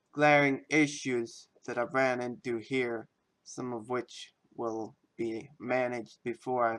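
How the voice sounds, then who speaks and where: A man's voice: mid-range voice, a bit bright, no room sound. Man modder, rambling casual walkthrough, plain mid voice. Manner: rambling, offhand. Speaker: game modder.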